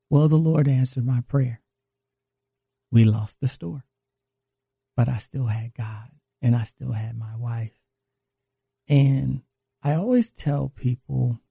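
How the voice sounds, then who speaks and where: A man tells his faith testimony in an earnest, confessional way. He speaks slowly, in a mellow voice with a gravelly edge. The sound is dry and close. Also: mid-range voice, no echo. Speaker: guest sharing a recovery testimony.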